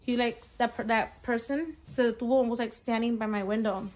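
A woman's voice: on the high side, fairly even intonation, fairly quick, a little mellow. A young woman telling a frightening story on her vlog, near tears, rambling with many fillers and slipping in Spanish words. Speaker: vlogger.

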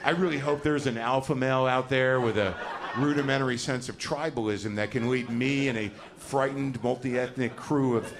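A middle-aged man does stand-up in a medium-pitched, steady voice at normal speed, with noise in the background. His story is neurotic, profane, and self-deprecating, told on a theater stage to a live audience. Loud laughter from the crowd marks the recording.

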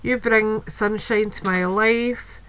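Speaking slowly in a medium-pitched, fairly bright voice with fairly even intonation, this Scottish woman shows off a crafting item from her home. It's a casual show-and-tell for her crafting videos, full of gushing, "wee"s, and "um"s. The rough audio carries faint household sounds and a child nearby.

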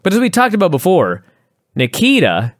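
A man co-hosting a casual review podcast, talking in a profane, sarcastic and animated way. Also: high voice, moderate pace, dry recording, studio quality. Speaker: podcast co-host.

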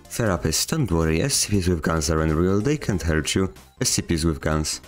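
A man with a fairly low voice reads viewer comments aloud and answers them with dry, deadpan sarcasm. His delivery is slangy and joking, with faint music under him. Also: normal speed, hardly any pauses. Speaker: channel host reading comments. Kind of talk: comedic comment-reading vlog.

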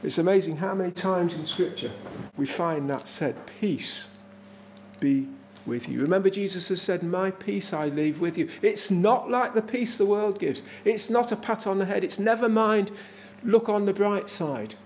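A man's voice: high voice, moderate pace, a little mellow, a little hiss or hum. A man with an English accent preaching a sermon in a small church, earnest and emphatic, repeating his phrases for effect.

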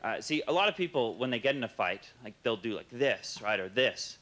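A young man with a Canadian accent doing a halting, deadpan stand-up set, full of uhs and restarts. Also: mid-range voice. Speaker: stand-up comedian. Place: comedy club stage with audience laughing. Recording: live stage recording with noisy room.

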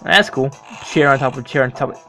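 A gamer commenting casually while playing, excitable and swearing, with loud startled outbursts. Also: medium pitch, fairly quick, soft background music. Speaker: let's play gamer.

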